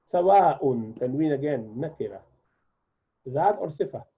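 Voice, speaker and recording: A man's voice: mid-range voice, expressive, unhurried, breathy edge. A man whose first language is Urdu, patiently teaching a beginner's lesson, repeating and drilling words one by one. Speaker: Arabic teacher. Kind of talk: classroom lesson explanation. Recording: tinny phone-like sound.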